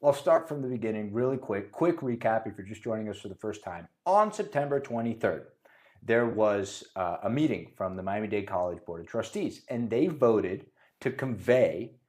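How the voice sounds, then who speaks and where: A man moderating a real estate podcast, joking around and explaining things in a casual, lively way. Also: lowish voice, normal speed. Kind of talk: casual chat. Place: studio.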